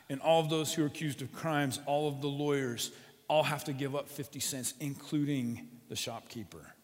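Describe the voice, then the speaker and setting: A male pastor preaching a sermon through a story, with dramatic swings between quiet and loud. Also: medium pitch. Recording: long hall reverb.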